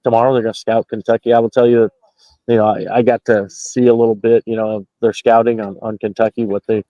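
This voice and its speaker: A man reporting by phone from a basketball arena, rambling through his postgame take with plenty of fillers and restarts. His voice is dark and mellow. The call sounds dull and lo-fi and very dry. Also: on the low side, level tone, fast, dry recording. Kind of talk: casual postgame analysis. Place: basketball arena, just out of the locker room.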